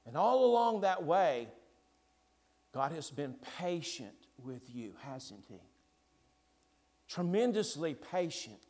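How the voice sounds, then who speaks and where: A man preaching a sermon, slow and deliberate with long pauses between phrases. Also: a little high, sing-song, a little mellow.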